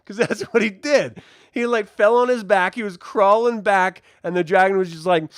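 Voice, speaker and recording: A man's voice: high-pitched, normal speed, smooth, dry recording, clean studio sound. A man casually reviewing a TV episode, rambling and joking as he recaps. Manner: jokey, rambling, animated.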